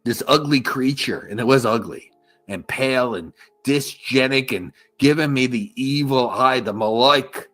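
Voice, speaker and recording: A man's voice: medium pitch, a little slow, a bit bright, soft background music. A man hosting a live stream in casual chat, rambling crudely and repeating himself.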